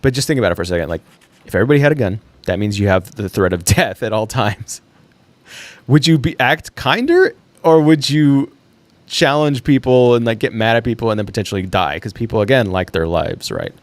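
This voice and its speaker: A man's voice: medium pitch, lively intonation, brisk, no echo. A young man hosting a casual solo livestream, thinking aloud in a rambling way with fillers and the odd laugh. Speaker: livestream host.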